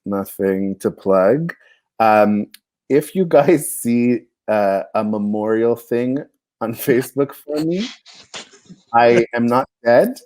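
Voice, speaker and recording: A man's voice: mid-range voice, lively intonation, takes it slowly, a little mellow, dry recording. A male comedian, a guest on a casual podcast, who tells a story and laughs at his own punchline. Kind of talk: casual chat.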